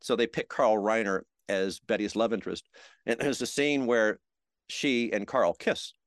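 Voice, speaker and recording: A middle-aged man telling showbiz stories in an interview, acting out quotes with lively energy. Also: on the low side, measured pace, no room sound, clean studio sound. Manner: animated anecdotes with acted-out quotes. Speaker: guest, TV host. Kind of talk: storytelling interview.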